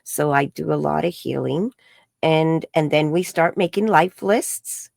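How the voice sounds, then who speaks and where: A woman, an energy healer and psychic, telling a story in an interview and acting out the quoted dialogue in a higher voice. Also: measured pace, gravelly, no room sound, clean studio sound. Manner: acts out quoted dialogue with high bright voices.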